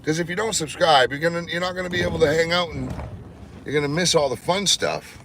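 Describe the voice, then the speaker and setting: A man's voice: on the high side, quick pace, fairly bright tone, a little hiss or hum. Rambling, profane male vlogger. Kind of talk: casual vlog chat.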